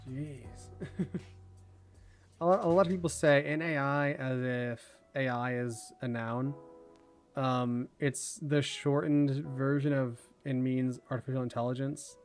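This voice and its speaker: A man hosting a livestream, chatting casually and rambling, his words running together when he talks fast. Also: medium pitch, steady tone, faint music behind. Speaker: livestream host.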